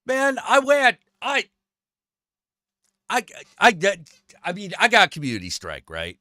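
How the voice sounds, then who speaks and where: A man's voice: sits high, a little slow, no room sound, clean studio sound. A man hosting a stream, ranting in casual chat, swearing a lot and stumbling over restarts. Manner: profane, animated ranting with stammered restarts. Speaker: stream host.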